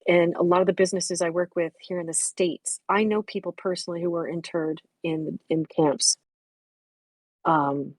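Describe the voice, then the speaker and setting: A woman's voice: lowish voice, steady tone, normal speed, a little mellow, dry recording. A woman in her sixties reminiscing candidly and reflectively, speaking frankly and swearing bluntly at times. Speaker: memorial stream guest.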